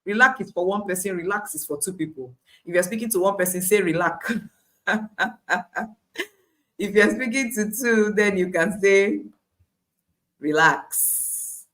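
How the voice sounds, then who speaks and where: A woman giving a devotional Bible teaching on a live stream, emphatic and repetitive, with frequent laughs and lively asides. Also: mid-range voice, moderate pace, long pauses.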